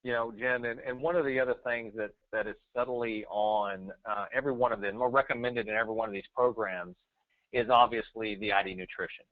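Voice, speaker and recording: A man's voice: lowish voice, steady tone, a little fast, dry recording. A man co-hosting a webinar, speaking hesitantly with many fillers. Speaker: webinar co-host. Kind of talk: webinar talk. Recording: tinny phone-line audio.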